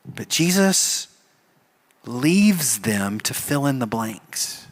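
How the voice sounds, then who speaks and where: A man preaching a sermon as pastor, telling the story in an animated way and acting out the characters. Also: medium pitch, extremely slow. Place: church.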